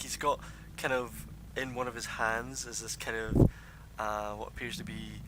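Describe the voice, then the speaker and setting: A man narrating as dungeon master over voice chat, rambling with many fillers, on a noisy low-quality stream. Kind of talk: narrating a tabletop game.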